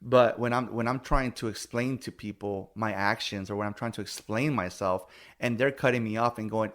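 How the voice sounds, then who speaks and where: A man's voice: lowish voice, fairly quick, hardly any pauses, fairly bright tone. A middle-aged man hosting a podcast, venting in casual chat, blunt and heated, swearing freely and getting defensive. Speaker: podcast host.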